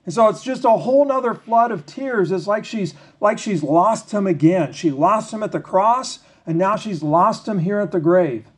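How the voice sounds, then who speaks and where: A man with a fairly high voice preaching a sermon. He reads scripture slowly with pauses, then talks it through plainly and conversationally, asking the listeners questions. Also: husky. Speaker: pastor.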